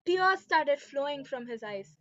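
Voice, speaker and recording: A woman's voice: sits high, expressive, measured pace, a bit bright, no room sound. A woman teaching a devotional scripture class, telling stories and often checking in with listeners. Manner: keeps asking listeners "right?" and "okay". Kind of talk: devotional lesson storytelling. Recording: dull lo-fi dry sound.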